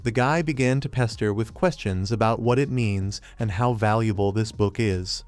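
A man's voice: on the low side, normal speed, no echo. Man narrating a manga recap over music. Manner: flat reported-speech retelling. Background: faint music.

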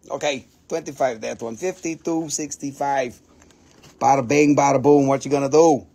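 A man with an Appalachian accent hosting a live mineral sale, excitable and jokey, swearing casually as he talks. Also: medium pitch, normal speed, vocal fry, husky.

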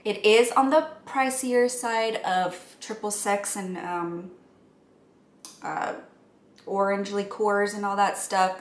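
A woman casually chatting through a home cocktail how-to, relaxed and full of ums and likes. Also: mid-range voice, echoey room.

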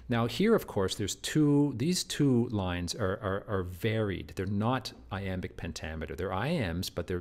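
In a recorded lecture on literature, a man with a fairly low, darkish voice speaks in loose, searching phrases. He frequently repeats and restarts words and keeps checking in with his listeners.

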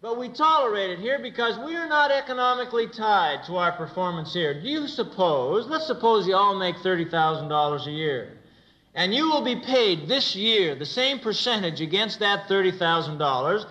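Man, American, middle-aged, church speaker, humorous storytelling, sharp bright tone, dull lo-fi recording. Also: high voice, expressive, normal speed. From United States. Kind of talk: motivational sermon.

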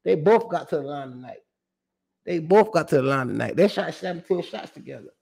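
Animated, slangy man breaking down stats. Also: fairly high pitch, brisk, vocal fry, slightly rough. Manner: animated, slangy and profane, reciting stats with emphatic repeats. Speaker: sports show host. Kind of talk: casual sports commentary.

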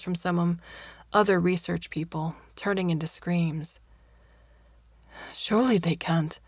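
Soft-spoken woman with a gravelly voice. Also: on the low side, no echo, clean studio sound. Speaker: story reader. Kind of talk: scripted narration.

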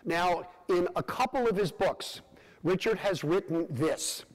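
A man with a high-pitched voice lectures from a podium microphone, delivering his points phrase by phrase with deliberate pauses. His words ring out with the long reverb of a large lecture hall. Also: animated. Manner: measured, phrase by phrase with rhetorical pauses. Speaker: plenary lecturer, scientist. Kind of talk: public lecture.

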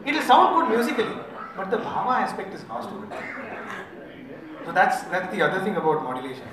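A man with an Indian English accent leading a bhajan workshop, explaining with gentle humor and slipping into Hindi. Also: sits high, big pitch swings, a little fast, crowd noise. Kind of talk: teaching talk with sung examples. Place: large echoey hall. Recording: echoey hall from far off, music behind.

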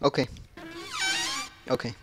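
Jumpy, slow-talking man doing game commentary. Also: faint music behind. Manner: casual, joking and cursing, jumpy, bursting into loud yelps. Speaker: gaming channel host. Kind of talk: horror game let's play commentary.

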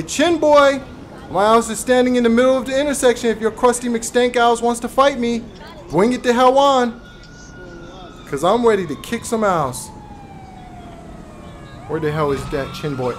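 A man voicing a brash, hotheaded male cartoon character who taunts and yells at rivals while playing through a live game stream. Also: very high-pitched, slight background noise. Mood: taunting. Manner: swaggering, taunting, quick to yell. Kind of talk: voiced live gameplay stream.

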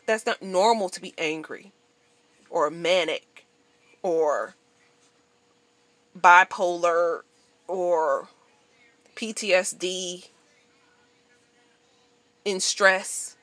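A woman rants straight to camera, blunt and swearing freely as she tells her stories with animated emphasis. Her voice is bright and forceful. The sound is dry and close. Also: medium pitch, no room sound. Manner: blunt, profane, animated storytelling. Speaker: vlogger. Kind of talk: venting monologue to camera.

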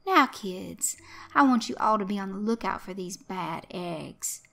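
A woman voicing a showy male host of a children's stage show, coaxing and shouting to the kids. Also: medium pitch, lively intonation, a little slow, gravelly, faint music behind, exaggerated voice. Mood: hammy. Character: loud jovial male kids' show host.

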